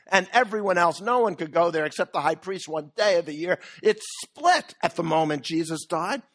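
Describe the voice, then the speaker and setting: A man preaching a sermon earnestly, with measured pauses that build to emphatic peaks. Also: high voice, fairly bright tone.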